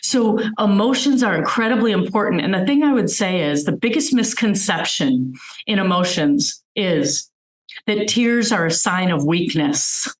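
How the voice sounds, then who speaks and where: A woman's voice: mid-range voice, expressive, measured pace, echoey room, poor audio. A woman physician giving a webinar talk, earnestly explaining with everyday examples over a video call. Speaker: physician guest speaker.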